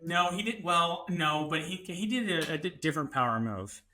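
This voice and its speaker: A man, co-hosting a podcast and telling a story in an animated way, acting out what people said. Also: fairly high pitch, normal speed, slight background noise. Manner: animated, acts out quotes, many restarts. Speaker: podcast co-host. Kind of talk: casual storytelling.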